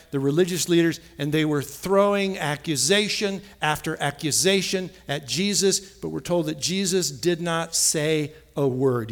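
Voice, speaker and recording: A man preaching a sermon, stressing key phrases and repeating lines for emphasis. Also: fairly high pitch. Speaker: pastor.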